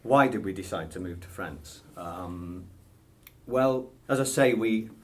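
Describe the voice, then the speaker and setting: Answering interview questions in a casual setting, a British man in his sixties chuckles, hesitates and fills the gaps with ums. His voice sits low and sounds a little mellow, and he talks slowly.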